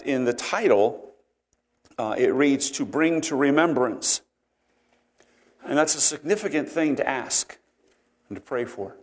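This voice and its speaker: A man preaching a sermon, explaining scripture in an earnest, measured way with frequent "uh" and "um" fillers. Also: medium pitch. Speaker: pastor.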